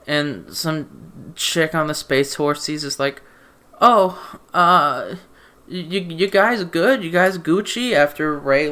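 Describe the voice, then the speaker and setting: A man's voice: on the high side, fairly bright tone, clear, resonant tone. A man ranting about a movie in a casual, rambling way, stammering through restarts and sounding exasperated and sarcastic. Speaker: movie reviewer. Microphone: desk mic.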